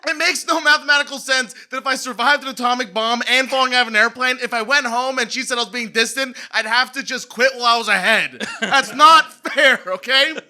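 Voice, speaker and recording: A man's voice: extremely high pitch, steady tone, fast talker, hardly any pauses, sharp tone. A male comedian giving a comic debate speech in mock outrage before a live audience. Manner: mock-outraged ranting, then exaggerated groveling. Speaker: comedian contestant. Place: theater stage before a studio audience. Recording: live stage recording with audience noise.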